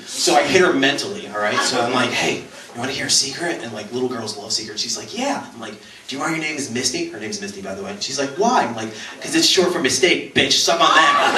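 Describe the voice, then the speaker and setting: A man doing a stand-up routine with a deadpan delivery and sudden pitch jumps on punchlines. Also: very noisy. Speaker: stand-up comedian. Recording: echoey club room, mic heard from a distance. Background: audience laughing.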